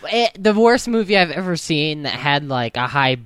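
Laid-back man with a smooth voice. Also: on the high side, very animated, normal speed, a bit bright, no echo, clean studio sound. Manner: agreeable, laid-back, short replies. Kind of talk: casual chat.

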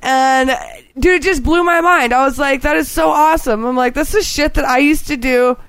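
A young woman in casual podcast chat, excitable and rambling, swearing freely. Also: sits high, moderate pace. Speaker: podcast co-host.

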